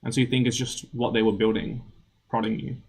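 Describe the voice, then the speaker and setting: A game master setting a tabletop scene, narrating in measured, descriptive sentences. The voice sits at a middle pitch. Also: very animated, gravelly, a little mellow, husky.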